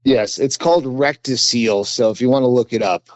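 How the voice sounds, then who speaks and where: A middle-aged man, a comedian guest, chatting casually on a podcast in a halting, rambling way with dry humor. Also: medium pitch, darkish tone, dry recording, lo-fi sound.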